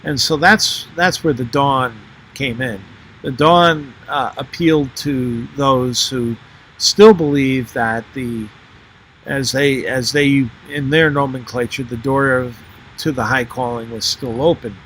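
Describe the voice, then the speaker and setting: An older man speaks slowly and haltingly, stopping often to search for the next word. His voice has a bright, forward edge. A faint hum sits under the recording. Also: mid-range voice, steady tone, poor audio. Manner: halting, many fillers and restarts. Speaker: former member narrating a history video. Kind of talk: unscripted spoken commentary over photos.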